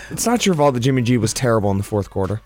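A young student co-hosting a sports radio show, chatting casually and poking fun at himself. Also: male voice, medium pitch, big pitch swings, a little mellow, faint music behind. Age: young adult. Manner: quick, self-deprecating. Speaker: co-host.

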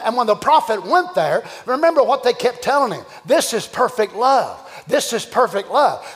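A man preaching a sermon as pastor, impassioned and building to shouts. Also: very high voice. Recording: long church hall reverb.

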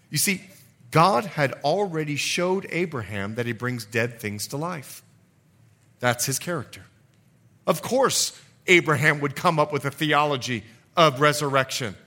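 A male pastor preaching a sermon, reading scripture aloud and commenting between verses, his voice climbing high on the key lines. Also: lively intonation, measured pace, bright, forceful tone.

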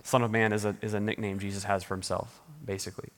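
A man preaching a sermon in a relaxed, conversational way, often restarting his sentences and laughing lightly. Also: on the low side, quick pace. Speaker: pastor. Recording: reverberant hall.

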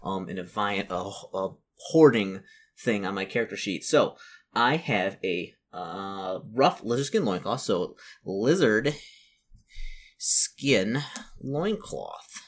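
Husky-voiced man playing a gamebook. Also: lowish voice, animated, takes it slowly. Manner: chatty, musing, self-correcting. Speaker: solo gamebook player and narrator. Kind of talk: casual playthrough, reading a gamebook aloud.

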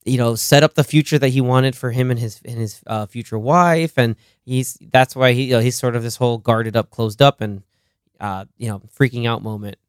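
A man co-hosting a casual movie podcast, retelling scenes in a rambling, animated way with lots of laughter. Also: mid-range voice, brisk, clear, resonant tone, no echo, studio quality. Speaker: podcast co-host. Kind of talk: casual film-review chat.

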